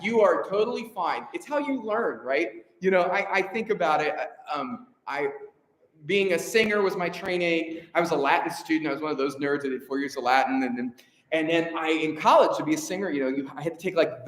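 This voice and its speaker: A man's voice: a little high, fairly bright tone. A man directing a choir rehearsal, coaching German diction, counting in, and encouraging the singers. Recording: echoey hall, piano in background.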